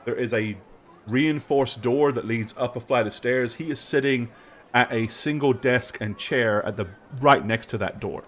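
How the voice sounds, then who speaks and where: A man narrating as game master, relaxed and hesitant, with lots of ums. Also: mid-range voice, normal speed, a little hiss or hum.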